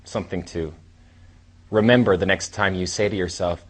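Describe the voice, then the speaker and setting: A man in his thirties giving a casual, rambling seminar talk as a trainer, with sighs and long pauses. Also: low-pitched, fairly even intonation. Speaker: dating coach and trainer.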